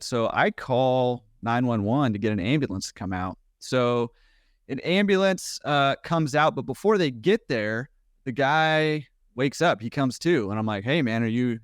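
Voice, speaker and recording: A man telling a story on a podcast with quick, animated energy and a mid-range voice. The sound is dry and close. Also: medium pitch, no echo. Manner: animated, quick, laughing at his own story. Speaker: podcast guest. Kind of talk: casual storytelling.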